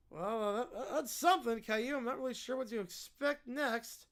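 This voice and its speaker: A man hosting a parody game show with deadpan, wry asides. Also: very high-pitched, moderate pace. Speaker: host.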